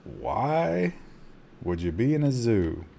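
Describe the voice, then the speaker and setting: A man streaming a survival game, giving live commentary with excitable gasps between calm asides and talking to his chat. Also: medium pitch, takes it slowly, slight background noise. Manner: talks to chat.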